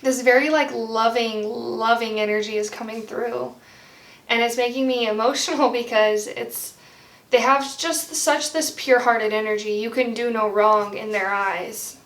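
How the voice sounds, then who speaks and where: A young woman reading tarot cards in a gentle, heartfelt way, rambling with lots of "like". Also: a little high, steady tone, a little slow. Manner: rambling, heavy use of "like". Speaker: tarot card reader. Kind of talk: pick-a-card tarot reading. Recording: roomy, slightly distant from mic.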